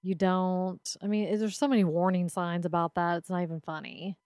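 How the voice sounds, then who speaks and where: A woman co-hosting a casual podcast, reading out news stories in a measured, mildly wry way. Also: on the low side, steady tone, darkish tone, smooth, dry recording, clean studio sound.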